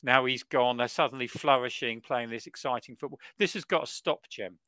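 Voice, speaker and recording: A man co-hosting a football podcast, ranting in an exaggerated, animated way. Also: medium pitch, a little fast, clean tone, no room sound. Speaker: podcast co-host. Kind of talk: casual football chat.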